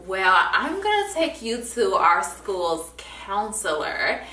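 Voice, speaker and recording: A woman's voice: medium pitch, very animated, slow pace, sharp tone, full character voice. A woman voicing a matter-of-fact male college advisor. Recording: echoey room, voice from a distance.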